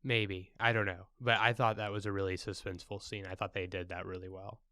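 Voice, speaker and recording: Young male co-host, lowish voice, dry close mic, laid-back and jokey. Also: flat delivery, a little fast, pushed and bright, dry recording. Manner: laid-back, joking, with crude asides. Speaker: podcast co-host. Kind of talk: casual chat.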